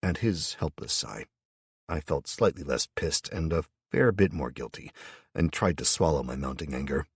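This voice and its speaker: A man's voice: very deep voice, expressive, moderate pace, slightly rough, no echo, clean studio sound. A man narrating a first-person audiobook in a blunt, sardonic manner.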